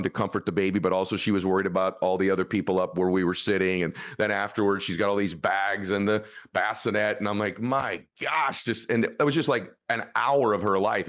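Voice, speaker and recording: Deep-voiced earnest male podcast host. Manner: earnest, rambling, emotional. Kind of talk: casual interview talk.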